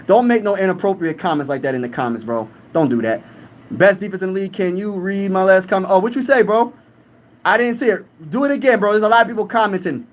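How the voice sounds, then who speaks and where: A young man hosting a live stream in casual chat, reading comments aloud and talking boastfully. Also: high-pitched.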